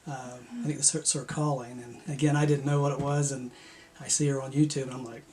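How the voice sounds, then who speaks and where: A man in his forties, soft-spoken and hesitant, answering questions as a guest beside his wife. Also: mid-range voice, little pitch movement, quick pace. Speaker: guest, host's husband. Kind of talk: casual interview answers.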